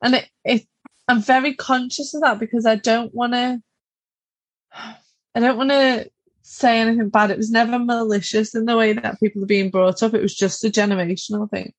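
A woman's voice: on the high side, steady tone, moderate pace, dry recording. A woman, a guest author in a casual podcast interview, reflective and agreeable.

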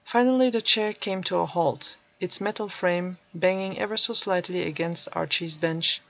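A woman narrating a storybook in a measured, even way. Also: on the low side, dry recording. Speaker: audiobook narrator. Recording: dull dry recording.

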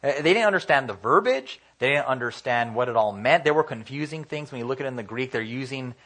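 A man in his thirties gives an informal sermon, mid-pitched and chatty. He slips into quick little voices for the people in his stories and keeps saying "you know" between thoughts. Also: expressive, fairly bright tone. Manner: conversational, acts out quoted voices, many fillers. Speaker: preacher. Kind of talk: casual sermon.

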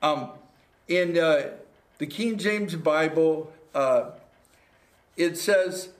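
A man's voice: fairly high pitch, extremely slow. A man preaching a livestreamed sermon as a pastor, earnest and repetitive, building to exhortation. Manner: earnest, repeats phrases, rises to exhortation. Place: church room. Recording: echoey room.

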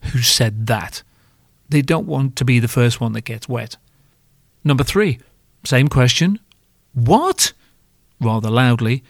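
A man's voice: mid-range voice, dry recording, studio quality. A man hosting a podcast, delivering a scripted comic monologue in a wry, self-mocking way with casual swearing. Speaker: podcast host.

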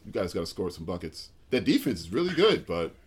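A man's voice: low voice, sing-song, brisk, slight background noise. A man co-hosting a casual sports podcast, laid-back and profane, laughing often. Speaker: podcast co-host.

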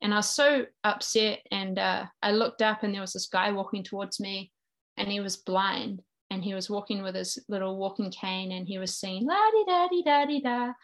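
A New Zealand woman in her thirties, with a New Zealand accent, earnestly shares her personal faith testimony as a guest in an interview conversation. Her voice is medium-pitched and a bit bright, with flat delivery at a moderate pace.

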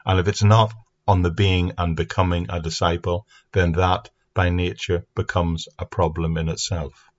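Low-voiced man teaching the Bible. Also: normal speed. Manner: earnest, steady explaining. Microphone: speaking into a mic. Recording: dull lo-fi sound.

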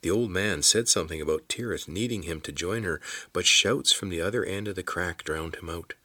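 A man reading a fantasy novel aloud in a measured, steady storytelling manner. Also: sits low, husky, no echo. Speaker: audiobook narrator. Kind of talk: scripted narration.

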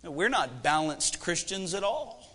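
A man in his thirties preaches with a high, bright, forceful voice, mixing humor and pointed questions. The sound carries a long reverb from a church hall. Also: sing-song, a little slow, husky. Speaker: pastor. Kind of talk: sermon.

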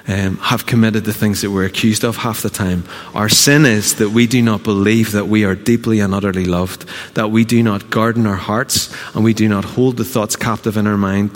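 A man preaching a sermon as a pastor, earnest and emphatic with dramatic pauses. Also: fairly low pitch. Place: church auditorium. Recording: long reverb of a church hall.

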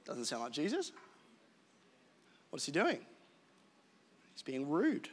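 A man with an Australian accent preaching a live sermon as pastor, animated and jokey, laughing at himself. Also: fairly high pitch, slow pace. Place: church hall. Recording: live hall reverb with faint music.

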